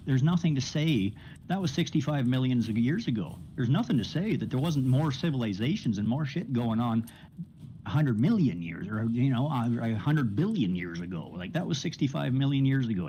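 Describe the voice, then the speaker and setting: A man's voice: medium pitch, dark tone, slight background noise, low-quality recording. A man streaming games, going off on a rambling, profane rant and often laughing. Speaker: game streamer.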